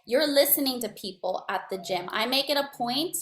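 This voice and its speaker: A woman giving a motivational network marketing talk, energetic and slangy, checking in with her listeners often. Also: on the high side, normal speed. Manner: energetic, slangy, coaching tone with frequent "right?". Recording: echoey room.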